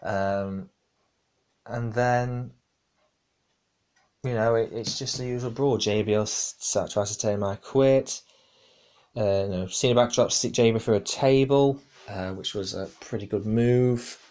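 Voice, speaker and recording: A man's voice: on the low side, steady tone, a little slow, darkish tone. A man hosting a casual podcast, rambling with many fillers and restarts. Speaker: podcast host. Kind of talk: casual wrestling review podcast.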